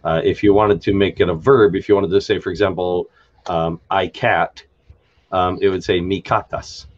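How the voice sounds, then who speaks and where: A man hosting an unscripted live stream, explaining word endings in a halting way with many fillers and restarts, often spelling words out letter by letter. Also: low-pitched, steady tone, muffled recording. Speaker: live stream host explaining a constructed language.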